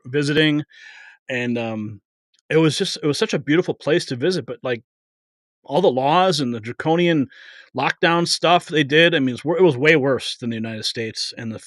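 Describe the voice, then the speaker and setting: A man's voice: medium pitch, fairly bright tone, no room sound, clean studio sound. A man hosting a live political stream, chatting casually, greeting viewers by name and getting emphatic about the stakes. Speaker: political livestream host.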